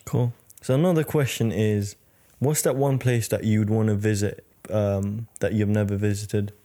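Male podcast host, low voice, relaxed questioner. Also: normal speed. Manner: relaxed, asks short questions. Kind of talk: casual interview chat.

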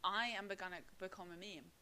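Bright, chatty young Irish woman. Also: mid-range voice, flat delivery, fast talker, poor audio. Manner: chatty, swears a lot, peppered with "like" and "right?". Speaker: podcast co-host. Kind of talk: casual chat.

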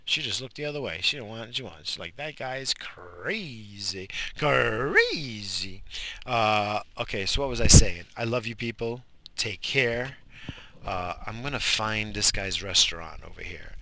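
A man ranting profanely while driving his car, shouting in bursts at cyclists and other drivers. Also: lowish voice, lively intonation, normal speed, slight background noise. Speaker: vlogger.

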